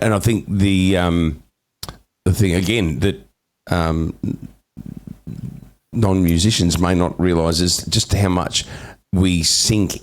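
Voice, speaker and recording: Chatty Australian male host, lowish voice. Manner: chatty, thinks aloud in long rambling sentences. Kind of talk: casual live-stream interview chat.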